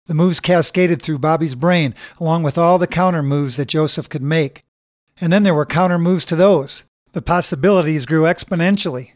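A man's voice: a little high, moderate pace, no echo. Man narrating a story, dry close sound. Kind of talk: scripted narration.

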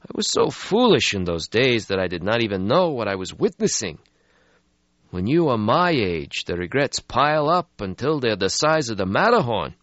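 A gloomy ancient vampire, as a man reading a storybook puts him on, drawing out each word in a raised, slow voice. He sounds bone-tired and heavy with regret. The dry, slightly dull recording keeps him close. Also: medium pitch, big pitch swings, a bit bright, no room sound, pitched above the performer's own voice. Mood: nostalgic. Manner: slow, mournful, world-weary. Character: weary ancient melancholy male vampire. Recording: slightly muffled lo-fi audio.

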